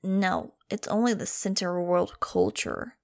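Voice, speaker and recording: A woman reading an audiobook, voicing a snooty, dramatic male talking dog in a slow, theatrical manner. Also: mid-range voice, fairly even intonation, vocal fry. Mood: wistful.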